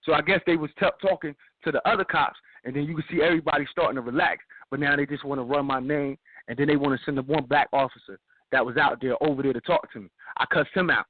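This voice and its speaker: Man, casual storyteller, acts out the shouting, repeats himself, phone-quality sound. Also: fairly high pitch, fairly even intonation, fast talker, dry recording. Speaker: radio show guest telling a story. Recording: dry tinny phone-like sound.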